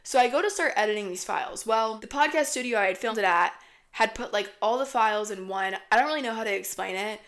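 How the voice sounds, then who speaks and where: A woman's voice: a little high, fast talker. A young woman hosting a podcast, telling a story in a casual, rambling, profanity-laced way. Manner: profane, rambling, animated retelling. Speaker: podcast host.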